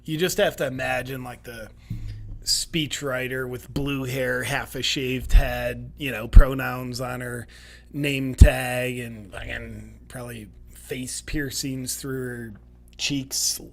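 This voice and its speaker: A man's voice: mid-range voice, fairly even intonation, slow pace. A male podcast host giving sarcastic political commentary in a mocking, wry manner. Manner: mocking, wry, breaks into laughter.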